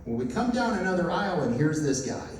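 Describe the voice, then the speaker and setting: Speaking fast in a fairly high voice, this preacher tells a story and performs each character's dialogue with lively energy. The sound is noisy and distant, bouncing around a reverberant hall.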